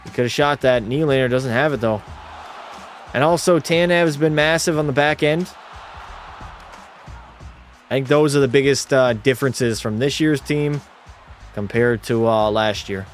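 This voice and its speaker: A man's voice: mid-range voice, moderate pace, long pauses, soft background music. A young man hosting a live hockey watch party, calling plays and bantering bluntly with his chat. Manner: blunt, chatty, reacts to chat with jokey banter. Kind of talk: casual live-stream chat and play-by-play.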